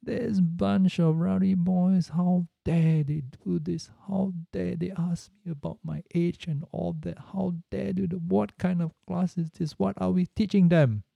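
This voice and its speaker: A man voicing an upset female teacher who complains indignantly, in a shrill tone. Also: steady tone, unhurried, gravelly, hardly any pauses, no echo, lo-fi sound, exaggerated voice.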